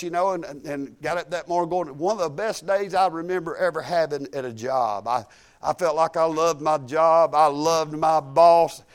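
Man, preacher, folksy storytelling sermon, conversational, voice a little high.

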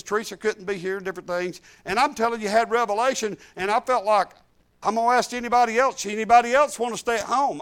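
A man's voice: sits high, fairly bright tone. A male pastor preaching a fervent, emphatic sermon and repeating his phrases.

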